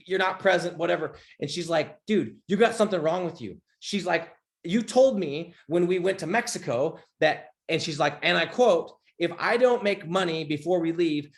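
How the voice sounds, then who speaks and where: A man coaching on a livestream in a blunt, emphatic way, swearing often and checking in with "okay?". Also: a little high. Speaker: business coach. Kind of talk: motivational livestream talk. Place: home office.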